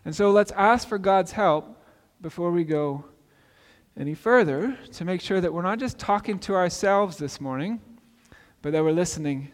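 A man preaches to his congregation in a relaxed, questioning way. His voice sits high for a man. A long reverb rings around him, as in a large church sanctuary. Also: moderate pace. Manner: conversational, asks the congregation questions. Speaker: pastor. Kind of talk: sermon.

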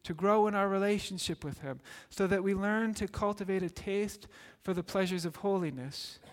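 Man, sermon, high-pitched, earnest storytelling, reverberant hall. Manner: earnest storytelling, builds to excited peaks. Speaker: preacher.

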